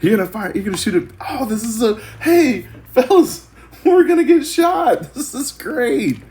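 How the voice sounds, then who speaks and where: A giddy, gushing optimist who greets danger with squealing delight, as a man puts him on. The voice shoots far up into a high, excited register. It bubbles with laughter at every threat. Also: normal speed. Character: relentlessly cheerful man facing danger.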